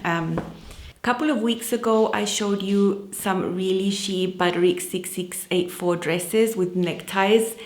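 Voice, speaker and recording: A woman's voice: medium pitch, roomy sound. A woman hosting a sewing channel, chatting casually and enthusiastically about fabrics, with frequent fillers. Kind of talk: casual fabric haul chat.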